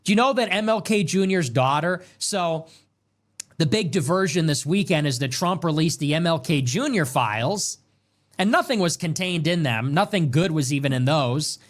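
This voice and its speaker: A man's voice: expressive, moderate pace. Sarcastic young man ranting on politics. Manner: sarcastic, emphatic, swings from loud jabs to low mutters. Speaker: political commentary show host. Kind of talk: ranting political commentary monologue.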